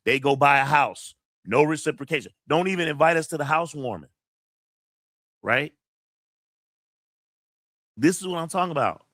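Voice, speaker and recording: A man's voice: a little high, lively intonation, moderate pace, long pauses, a bit bright, dry recording, studio quality. Upset man venting on a livestream. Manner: emotional, blunt and profane, reading chat messages aloud. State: upset, near tears. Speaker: channel host. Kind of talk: casual livestream venting to camera.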